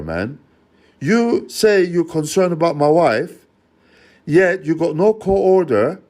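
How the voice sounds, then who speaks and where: A man's voice: on the high side, darkish tone. A father on a phone call, accusing and confronting the person on the line in a heated rant. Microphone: phone call recording.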